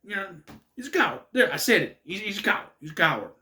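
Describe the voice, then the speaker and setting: A man's voice: sits high, big pitch swings, fast talker, pushed and bright, far from the mic, pitched above the performer's own voice, exaggerated voice. A man imitating an exasperated male play-by-play wrestling announcer who grudgingly repeats himself. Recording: echoey room.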